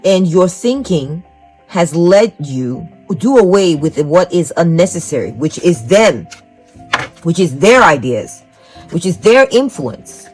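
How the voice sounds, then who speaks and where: A woman's voice: on the low side, sing-song, a little slow, a little mellow, low-quality recording. A woman giving a psychic tarot reading to the viewer. She rambles, repeats herself and keeps encouraging the viewer. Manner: rambling, repetitive, encouraging, talks straight to the viewer. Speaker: tarot reader. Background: faint music.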